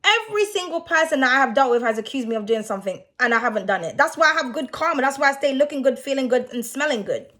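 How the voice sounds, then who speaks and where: A woman's voice: sits high, lively intonation, fast talker, few pauses, fairly bright tone. A young woman who reads tarot, ranting bluntly and with a lot of swearing in a casual vlog. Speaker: tarot reader.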